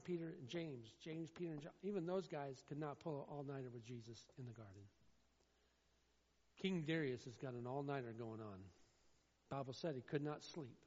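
Emphatic high-voiced male preacher. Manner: emphatic, swings between loud declaiming and low asides. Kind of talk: sermon. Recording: dull sound in a reverberant hall.

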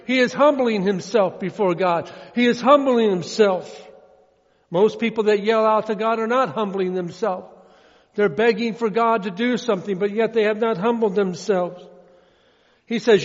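Casting: high-pitched male pastor, folksy sermon delivery with lots of repetition, dull lo-fi church recording with long reverb. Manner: folksy preaching, repeats phrases, drawn-out quoted verses.

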